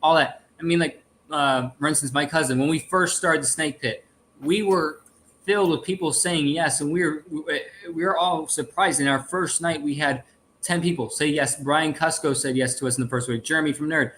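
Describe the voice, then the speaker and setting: Earnest co-host, slightly high voice. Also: male voice, fairly even intonation, normal speed, a bit bright, a little hiss or hum. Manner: earnest, encouraging, talks about community support. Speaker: livestream co-host. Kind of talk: casual livestream chat.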